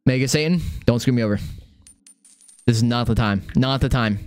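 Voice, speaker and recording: A young man giving casual live gameplay commentary, excitable and swearing often, repeating phrases under pressure. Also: mid-range voice, a little fast, faint music behind. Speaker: gaming streamer.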